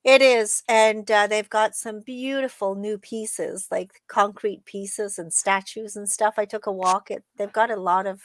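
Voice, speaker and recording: A woman's voice: mid-range voice, fairly even intonation, a little slow, few pauses, no echo. A woman co-hosting a casual morning chat show, talking in an upbeat, chatty way with lots of fillers. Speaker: co-host.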